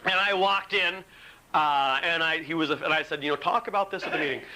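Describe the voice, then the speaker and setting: A man's voice: fairly high pitch, fairly quick, bright, forceful tone, rough recording. A man giving a candid, self-mocking recovery talk at a retreat, acting out his own inner argument as he tells the story, recorded on an old tape. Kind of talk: personal recovery talk to a live audience. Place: retreat meeting room. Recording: old tape with faint hiss.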